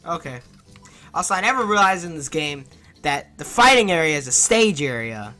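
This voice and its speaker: A man's voice: a little high, sing-song, moderate pace, pushed and bright, soft background music. A young man giving casual, jokey, self-mocking commentary while playing a video game. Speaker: let's player.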